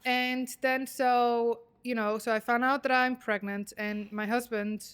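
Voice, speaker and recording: Young woman hosting a podcast, kinda high smooth voice, chatty. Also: little pitch movement, a bit bright. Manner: chatty, quick asides and reactions. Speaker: podcast host. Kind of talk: casual interview chat.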